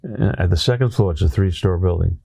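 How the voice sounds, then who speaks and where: A man's voice: low-pitched, fast talker, creaky, husky, no echo. A man with a Brooklyn accent, a former teacher telling a classroom story as an interview guest, often checking in with "right?". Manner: animated storyteller, tag questions like "right?". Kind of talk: anecdotal storytelling in conversation.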